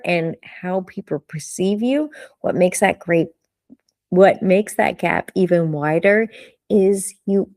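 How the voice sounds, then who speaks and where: A woman leads a live coaching session on vocal delivery, emphatic and animated, firing off rhetorical questions. She speaks at an unhurried, deliberate pace, pausing to let points land. The sound is dry and close. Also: medium pitch, no room sound.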